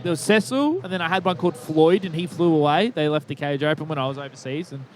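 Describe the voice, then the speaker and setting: High-voiced man telling rambling stories. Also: fast talker. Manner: rambling, profane, laughs at own stories. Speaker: podcast co-host. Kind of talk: casual storytelling chat.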